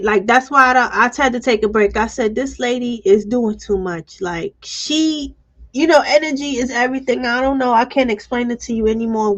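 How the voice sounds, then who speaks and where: A woman's voice: on the high side, a bit bright. A woman hosting a live stream, talking bluntly and emotionally and reading viewer comments aloud. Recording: dull lo-fi stream audio.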